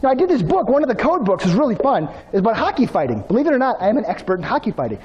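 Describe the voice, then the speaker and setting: A man giving an energetic motivational keynote, telling stories and speaking straight to the audience. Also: very high voice, racing, lo-fi sound. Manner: energetic, storytelling, addresses audience directly.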